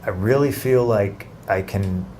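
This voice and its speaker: A man telling a heartfelt personal story as an interview guest, halting and repeating himself when moved. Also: fairly low pitch, a little mellow, faint music behind. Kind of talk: emotional storytelling.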